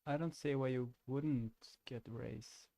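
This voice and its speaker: A man's voice: medium pitch, steady tone, takes it slowly, gravelly, mellow, no room sound. A man giving casual commentary on an online card game, thinking aloud, restarting his sentences and laughing easily.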